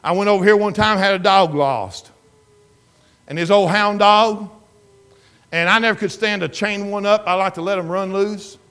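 Emphatic high-voiced preacher man. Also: normal speed, a bit bright, clear, resonant tone, faint music behind. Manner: emphatic storytelling preacher, repeats words, rises and falls in intensity. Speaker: pastor. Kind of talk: sermon.

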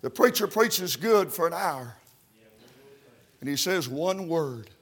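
A man preaching a revival sermon in a Baptist church, fervent and peppered with "uh, uh" as he builds toward shouts. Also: on the high side, lively intonation, slow, slightly rough.

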